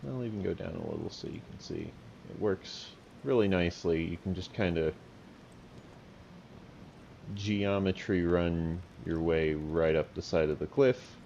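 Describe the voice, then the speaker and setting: Gravelly low-voiced man narrating gameplay. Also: unhurried, dark tone, highs cut off, slight background noise. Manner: chatty, teasing the enemies aloud. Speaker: gameplay commentator. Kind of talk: let's-play commentary.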